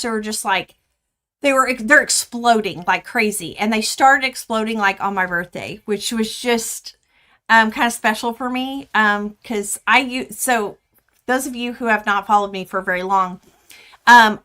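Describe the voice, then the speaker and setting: A woman's voice: on the high side, pushed and bright. A woman in her fifties hosting a quilting livestream from home, chatting casually and rambling with lots of fillers and restarts.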